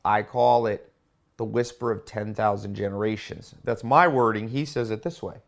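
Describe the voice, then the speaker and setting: Male host, lowish voice, emphatic, casual book talk with lots of restarts. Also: moderate pace, creaky. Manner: emphatic, stresses key words, restarts often. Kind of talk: casual spoken commentary.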